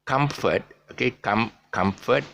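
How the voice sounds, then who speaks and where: A middle-aged man, giving an off-the-cuff pronunciation lesson, repeating each word many times and drifting into soft asides. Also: medium pitch, measured pace, gravelly, background noise. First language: Eurasian family speaking English as mother tongue. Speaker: English pronunciation teacher.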